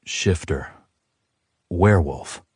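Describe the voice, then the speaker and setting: A man's voice: fairly low pitch, lively intonation, a little slow, dry recording, clean studio sound. A man playing a remorseful werewolf lover. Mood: confessing. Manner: soft, soothing, apologetic.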